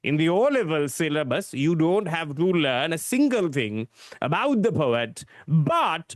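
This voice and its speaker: Sri Lankan English tutor, lively and slow. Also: male voice, a little high, dry recording, studio quality. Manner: repetitive, emphatic, drills points for students. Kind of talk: exam-focused literature lesson.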